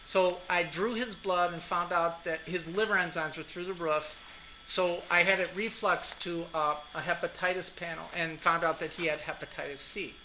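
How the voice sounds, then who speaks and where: A man's voice: sits high, fairly even intonation, normal speed, pushed and bright, slight background noise, low-quality recording. A man teaching an anatomy class, telling a long anecdote in a chatty way, often asking "right?" and laughing at his own jokes. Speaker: college anatomy instructor. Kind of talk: lecture anecdote.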